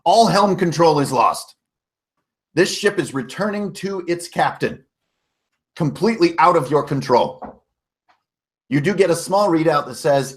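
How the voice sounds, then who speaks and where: A male game master recapping a tabletop adventure for his players, his voice sitting a bit on the high side. He tells the story casually, correcting himself mid-sentence and dropping in the odd swear word. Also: lively intonation, a little slow.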